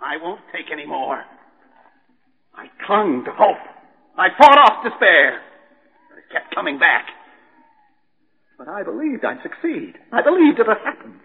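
An actor playing a desperate, unhinged chemist who raves between bitter murmurs and shouts in an old radio drama. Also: male voice, high voice, sing-song, measured pace, vocal fry, pauses often, breathy edge, heavily acted. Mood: frenzied. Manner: raving, swinging from murmurs to shouts. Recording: tinny old broadcast with long reverb.

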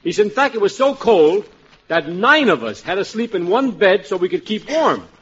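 A man pitching comedy ideas at a writers' panel, stammering and restarting as he tells jokes with dialogue. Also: lively intonation, moderate pace, a bit bright, husky. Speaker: gag writer. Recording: dull lo-fi old recording.

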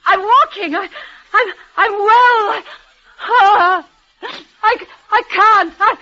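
Frail, tremulous dying heroine, breathless and halting, tender to the end, dull vintage radio sound. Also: female voice, very high voice, bright, forceful tone, exaggerated voice. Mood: desperate. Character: dying young woman, tender and devoted. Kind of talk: vintage radio drama acting. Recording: dull old radio recording.

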